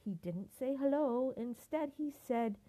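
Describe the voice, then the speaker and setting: An older woman reads a children's picture book aloud, lingering over each line. Her pitch swings up and down with feeling, and her voice stays mellow and soft-edged. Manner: expressive, unhurried. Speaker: grandmother reading aloud.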